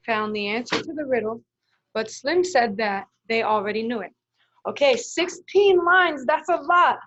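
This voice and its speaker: Slow, high-voiced kindergarten teacher. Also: female voice, fairly bright tone, dull audio, slight background noise. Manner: slow, patient, sounds out words letter by letter. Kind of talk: live online lesson, modeling writing.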